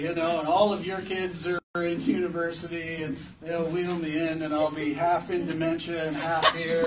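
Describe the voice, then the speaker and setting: A man's voice: fairly high pitch, fairly even intonation, normal speed. A man preaching a sermon to a live audience in a church hall, conversational and joking, often putting questions to the listeners. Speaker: preacher at a campus ministry gathering. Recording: distant mic with faint background noise.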